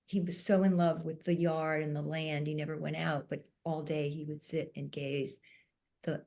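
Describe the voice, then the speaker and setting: Soft-spoken woman telling a story real slow, kinda emotional. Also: deep voice, creaky. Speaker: panel speaker. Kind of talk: personal storytelling.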